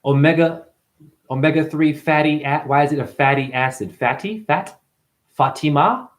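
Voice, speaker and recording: In this clip a man living with chronic pain rambles through a free-associating spiritual monologue at a normal speed. He curses a lot and lurches between loud outbursts and quiet mutters.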